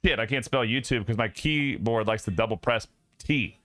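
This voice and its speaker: A young streamer chats casually and jokingly with his viewers, often laughing and rambling. He speaks at a moderate pace in a mid-range, slightly bright voice. His studio mic gives a clean sound with no room tone.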